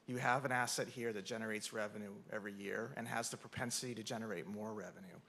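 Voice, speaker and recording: A man's voice: lowish voice, steady tone, fast, gravelly, bright, forceful tone. A man, a local resident, making a matter-of-fact public comment at a town meeting.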